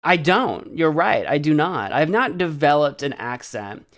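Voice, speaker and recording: Chatty young man streaming, slightly high. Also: very animated, normal speed, fairly bright tone. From central Illinois, US. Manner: chatty, self-deprecating, stumbles over Spanish words. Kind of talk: casual live-stream chat.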